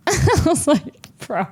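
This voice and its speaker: Animated young woman telling a story. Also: fairly quick. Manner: animated, breathless retelling with sudden high-pitched exclamations. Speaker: streamer. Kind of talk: casual storytelling to a stream chat.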